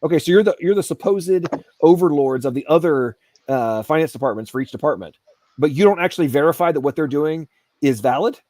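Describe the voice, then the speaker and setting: A man's voice: fairly high pitch, lively intonation, brisk, darkish tone, no echo. Heated ranting male host. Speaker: show host. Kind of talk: aftershow rant. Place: Asheville home studio.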